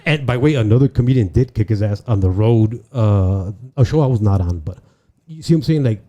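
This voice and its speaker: A man's voice: on the low side, brisk, muffled recording. A man from El Paso, a guest comedian, tells stories in a casual podcast chat. He swears freely, acts out the scenes he describes, and slips into Spanish. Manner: profane, animated, slips into Spanish.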